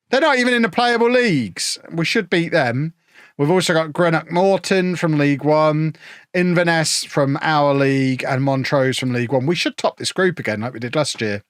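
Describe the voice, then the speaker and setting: A man from England chats his way through a football management game on a live stream, joking and answering his viewers. His voice sits a bit high for a man. The sound is dry and close. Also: normal speed, dry recording. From Peterborough, England. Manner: chatty, joking, answering chat. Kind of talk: casual live-stream chat.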